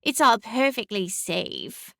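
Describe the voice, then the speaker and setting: A woman's voice: a little high, big pitch swings, slow pace, gravelly, pushed and bright, no echo, studio quality, voice pushed up, full character voice. Woman voicing a smug talking cat familiar. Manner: drawling, sing-song, condescending. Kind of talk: audiobook character voice.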